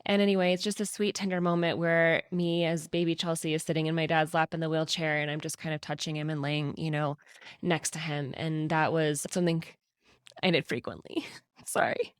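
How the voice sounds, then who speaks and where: A woman podcaster talks candidly to her listeners in a slightly low voice and is close to tears at times. Her talk is frank and heartfelt, with a lot of "like" and "right?" The recording is dry and close, with no room sound. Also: little pitch movement, fairly quick, smooth, no room sound. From Colorado, USA. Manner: candid and emotional, talking through tears. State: tearful at times. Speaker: podcast host. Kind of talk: personal podcast monologue.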